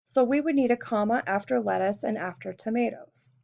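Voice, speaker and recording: A woman teacher with a fairly high voice and a gravelly edge walks through a lesson patiently, step by step. She poses questions to her students as she goes. The recording sounds dull and lo-fi. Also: fairly quick, darkish tone.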